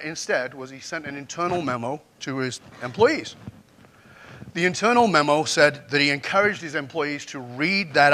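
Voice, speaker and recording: A man's voice: fairly high pitch, bright, forceful tone. A man giving a motivational keynote talk to a live audience on a conference stage, telling stories and asking the audience questions. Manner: storytelling, asks the audience questions. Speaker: keynote speaker.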